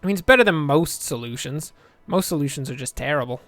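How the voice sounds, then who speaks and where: Talking quickly with hardly any pauses, a young let's play host rambles, jokes and mutters asides over his game from his home desk mic. His fairly high voice has lively intonation and a fairly bright tone. Soft music plays behind him, and there's no echo.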